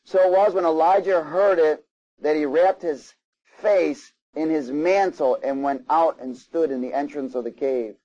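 A man delivers a sermon in a fairly high voice. He reads scripture aloud and breaks off for asides and questions to his listeners. The recording sounds a little dull and lo-fi. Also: unhurried, warm tone. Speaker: preacher.

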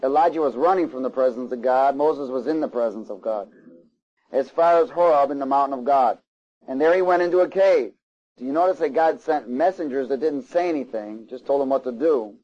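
A man's voice: medium pitch, brisk, darkish tone. A man preaching a sermon, reading scripture aloud and stopping for asides and questions to the congregation. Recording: slightly dull, lo-fi sound.

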